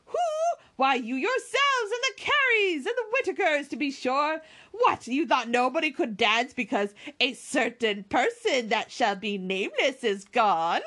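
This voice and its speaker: A woman's voice: high-pitched, big pitch swings, a little slow, pushed and bright, voice pushed up, full character voice. A woman voicing a gossipy, jolly older matron with a teasing, insistent manner in a storybook reading.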